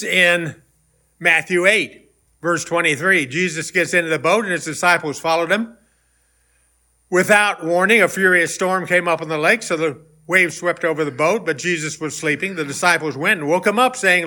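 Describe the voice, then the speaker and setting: A man's voice: high-pitched, moderate pace, bright, forceful tone. A man preaching a sermon in a conversational way, rising into emphatic questions. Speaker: pastor.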